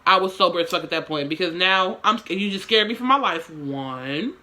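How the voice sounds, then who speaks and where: A woman's voice: lowish voice, animated, brisk, sharp tone. A young woman telling a story to her camera in casual slang, with swearing and lots of dramatic asides.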